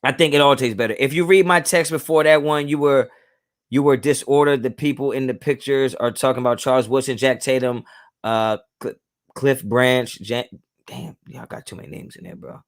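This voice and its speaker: A young live streamer reads his viewers' chat at a normal speed with a steady tone. He's casual and slangy, breaking into laughter often as his pitch swings around.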